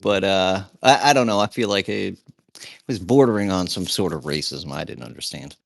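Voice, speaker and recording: Low-voiced man swearing through anecdotes. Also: moderate pace, gravelly, no echo. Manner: profane, rambling anecdote telling. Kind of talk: casual chat.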